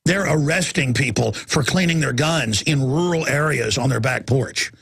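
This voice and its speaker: A man in his forties delivers a ranting talk radio monologue, now and then mocking people in high put-on voices. His voice is gravelly and husky. He sits close to a dry studio mic with faint music beneath. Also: moderate pace, a bit bright, no echo. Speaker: radio talk show host.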